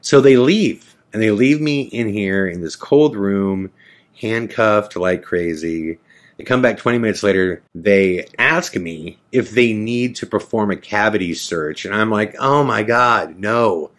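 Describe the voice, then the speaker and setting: A man hosting a podcast, telling a story from his own life in an animated way and acting out the voices of the people in it. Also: fairly low pitch, unhurried. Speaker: podcast host. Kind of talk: personal storytelling. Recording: podcast audio.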